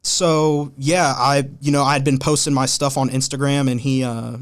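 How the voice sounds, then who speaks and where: A man from Ohio, a podcast guest, telling stories in a relaxed, slangy way. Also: medium pitch, normal speed. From Columbus, Ohio. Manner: laid-back, slangy storytelling. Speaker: podcast guest, hat designer. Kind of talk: casual conversation.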